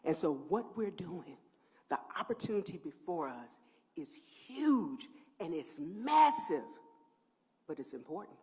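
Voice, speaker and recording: A middle-aged woman who runs a housing agency gives a sincere speech at a press event, her low voice sing-song and at normal speed. Into the podium microphone, her thanks range from near-whispers to loud, emphatic peaks.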